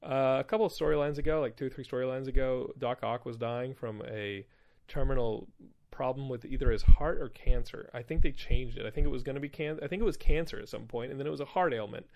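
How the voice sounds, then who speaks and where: A man's voice: medium pitch, vocal fry, a little mellow. A man hosting a podcast, recapping comic books in a loose, rambling, profane way full of fillers. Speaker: podcast host. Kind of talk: casual comic book recap.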